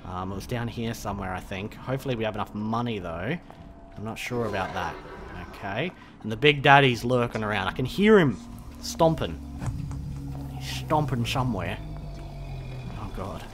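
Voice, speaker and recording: A man's voice: fairly low pitch, expressive, moderate pace, pauses often, over music. A man giving chatty, jokey commentary while playing a game. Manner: chatty, jokey, nervous muttering. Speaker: gameplay commentator. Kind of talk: casual let's-play commentary.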